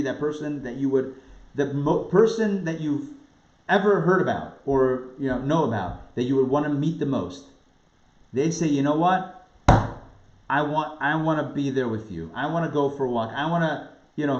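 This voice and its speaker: A man from the New York area, a rabbi teaching a class with animated, emphatic delivery and repeated words for stress. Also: medium pitch. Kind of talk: lively lecture on a spiritual text. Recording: roomy, dull lo-fi sound.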